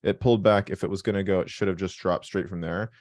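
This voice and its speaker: A man hosting a live trading call, with a very low voice. He talks bluntly, cracks jokes and swears casually. The recording is dry and close. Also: steady tone, quick pace, darkish tone, dry recording. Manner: blunt, joking, swears freely.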